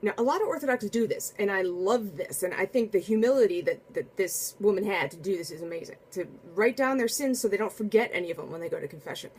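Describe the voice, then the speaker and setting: A woman telling a casual spoken anecdote in a chatty, animated way, full of asides and restarts. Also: mid-range voice, fast, few pauses, slight background noise. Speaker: storyteller.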